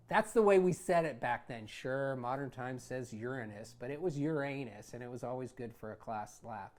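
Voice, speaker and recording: A man who hosts a show, reading his own memoir aloud in a conversational, wry way that gets animated in heated passages. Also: medium pitch, moderate pace, few pauses. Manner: conversational, wry, animated when retelling anger. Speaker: author and host.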